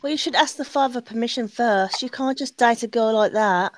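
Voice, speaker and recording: Brummie woman, higher voice, dry close sound, teasing pub-chat host. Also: a little fast, dry recording. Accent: Birmingham. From Birmingham, England. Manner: laughing, teasing banter. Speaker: stream host. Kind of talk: casual group voice chat.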